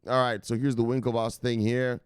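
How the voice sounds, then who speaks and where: A male crypto news host in casual livestream chat, shouting out viewers with loud hype catchphrases, swearing and laughing. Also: medium pitch, flat delivery, brisk, clear, resonant tone, dry recording, clean studio sound.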